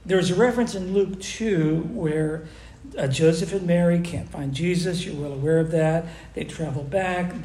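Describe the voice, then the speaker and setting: A man teaching a Bible class, explaining scripture in an animated way and acting out the quoted lines. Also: on the high side. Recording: echoey room with faint noise.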